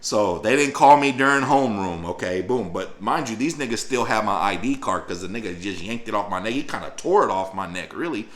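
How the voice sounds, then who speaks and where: A man telling a personal story in a casual, profane, animated way, acting out voices and sound effects. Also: on the low side, a little fast, hardly any pauses, reverberant, crowd noise. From northern Louisiana.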